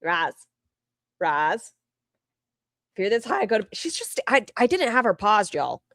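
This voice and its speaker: A woman's voice: mid-range voice, sing-song, a little slow, a bit bright, no echo, clean studio sound. A woman streamer giving casual, sarcastic commentary while reacting to a video and greeting her chat. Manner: sarcastic, teasing asides to chat.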